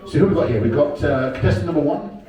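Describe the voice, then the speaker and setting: A man's voice: fairly high pitch, rapid-fire. A man hosting an open mic game on stage, chatty and hesitant, with many fillers and laughs. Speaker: host. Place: bar stage with audience. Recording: echoey room, mic from far off, crowd noise.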